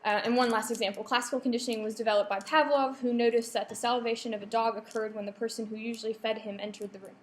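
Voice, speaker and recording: A young woman talks fast, with hardly any pauses, in a steady, higher-pitched voice while teaching an academic writing workshop. Ums and self-corrections come often, and the echoey lecture room adds slight background noise.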